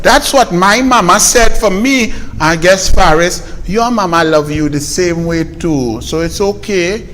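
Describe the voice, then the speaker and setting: A man's voice: high voice, a bit bright, a little hiss or hum. A man with a Trinidadian accent, giving sarcastic, mocking political commentary. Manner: sarcastic, mocking, fast-talking.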